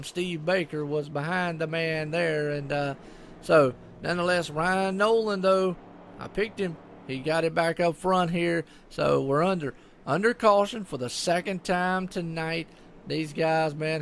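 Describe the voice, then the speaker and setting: A man's voice: on the high side, vocal fry, slight background noise. A man with a Southern US accent giving live commentary on an online sim race in a folksy, chatty way. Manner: folksy, chatty, lots of "I tell you what" and "y'all".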